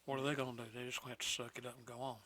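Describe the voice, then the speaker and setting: A man's voice: mid-range voice, flat delivery, very fast, pushed and bright, slight background noise. A man in his sixties, the host's father, talking in a folksy, plainspoken way as guest co-host on a casual show. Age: 60s. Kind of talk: casual chat.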